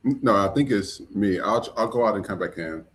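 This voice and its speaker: A man's voice: fairly low pitch, a little fast, slight background noise. A man hosting a live podcast, casually greeting viewers while fixing technical trouble. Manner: relaxed, fumbling with tech, shouting out viewers. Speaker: podcast host. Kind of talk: casual live-stream chat.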